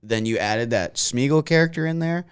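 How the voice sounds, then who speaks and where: A man's voice: mid-range voice, normal speed, clear, resonant tone, no room sound. A man from Minnesota with a Minnesota accent, chatting candidly as a podcast guest, rambling and self-deprecating. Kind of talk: casual chat.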